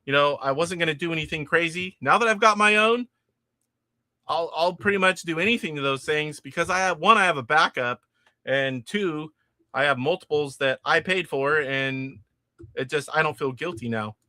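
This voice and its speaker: Bright, high-voiced chatty man. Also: normal speed, dry recording. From California. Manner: chatty, rambling, frequent restarts and laughs. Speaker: livestream host. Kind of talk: casual chat reading viewer comments.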